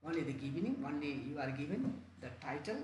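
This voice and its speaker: A man's voice: a little high, lively intonation, fast talker, darkish tone, slight background noise. A man with a Nepali accent teaching an English exam-prep lesson online, repeating and rephrasing his points often. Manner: repetitive, restarts and rephrases often. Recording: echoey room, faint ambience.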